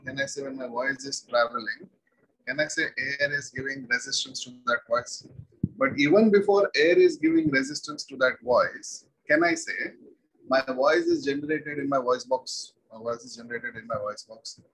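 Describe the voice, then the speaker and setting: A man's voice: medium pitch, normal speed, fairly bright tone, slight background noise, rough recording. A man teaching a physics class, repeating every point and asking the students rhetorical questions. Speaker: physics lecturer. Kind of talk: classroom lecture.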